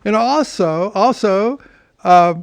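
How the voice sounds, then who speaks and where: A man's voice: high voice, expressive, takes it slowly, no echo. An older man hosting a podcast in casual chat, rambling with many restarts and blunt swearing. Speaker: podcast host.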